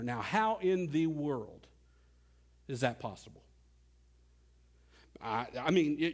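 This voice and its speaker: A middle-aged male pastor preaching a sermon earnestly, swinging between soft low passages and loud climbing ones. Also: lively intonation, slow, long pauses.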